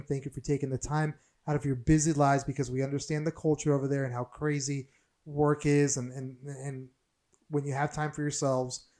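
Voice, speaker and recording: Male podcast co-host, slightly high pitch, excitable and rambling, swears a lot. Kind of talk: casual podcast chat.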